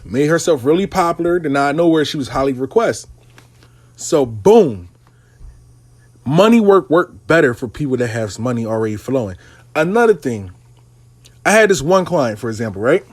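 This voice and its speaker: Animated, profane New man. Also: on the high side, moderate pace, long pauses, no echo. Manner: animated, profane street talk. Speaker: money coach. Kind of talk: casual storytelling monologue.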